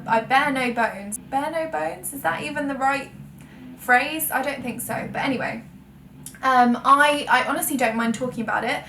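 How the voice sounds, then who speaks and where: A woman's voice: high voice, sharp tone. A young woman, chatting frankly to camera as a full-time blogger, self-correcting and laughing at her own word slips. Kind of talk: frank sit-down chat to camera. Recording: echoey room, mic at a distance, faint ambient noise.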